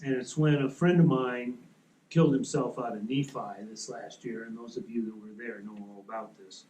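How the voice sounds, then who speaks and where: A man giving a relaxed, practical seminar talk to a club audience, explaining with rules of thumb in a meeting room. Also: medium pitch, moderate pace, slight background noise. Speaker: seminar presenter. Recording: echoey room.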